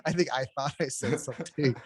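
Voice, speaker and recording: A man's voice: fairly high pitch, breathy edge, dry recording. A young man co-hosting a podcast, telling casual stories to his friends in a loose, profane way and laughing as he goes. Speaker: podcast co-host. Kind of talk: casual storytelling among friends.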